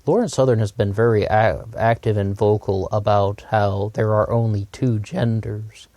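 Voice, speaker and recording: Man, low voice, mellow tone, dry close sound, rambling commentary, hesitant restarts. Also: fairly even intonation, normal speed, no room sound. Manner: rambling, hesitant, repeats himself. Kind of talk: opinion monologue.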